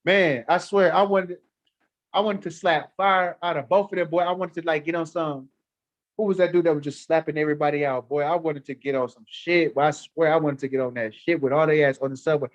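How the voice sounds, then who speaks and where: Man, guest on a live stream; blunt, profane storyteller; fairly high voice; dry, close sound. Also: steady tone, a little fast, no echo, dull audio. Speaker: livestream guest.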